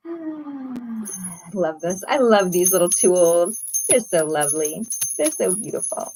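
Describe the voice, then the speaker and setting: A woman's voice: mid-range voice, lively intonation, takes it slowly, warm tone, soft background music, low-quality recording. A woman hosting an online group prayer and meditation, talking casually in an effusive, affirming, encouraging way. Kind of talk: casual spiritual livestream talk.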